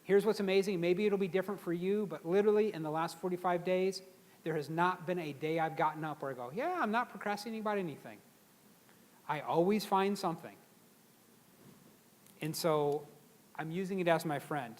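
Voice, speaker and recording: A male speaker with a notably high voice delivers a motivational seminar to a live audience. He is energetic and chatty, jumping between stories and calls for the crowd to repeat after him. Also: fairly quick.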